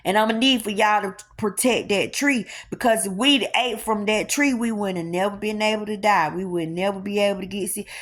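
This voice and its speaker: A woman giving an informal spiritual teaching in an emphatic, colloquial, preacher-like way with lots of repetition. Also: medium pitch.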